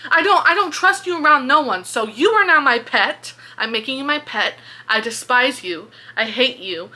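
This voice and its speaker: A woman voicing a cruel, arrogant male prince who shouts insults with contempt, in a casual book-review retelling. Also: high-pitched, expressive, moderate pace, exaggerated voice. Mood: scornful.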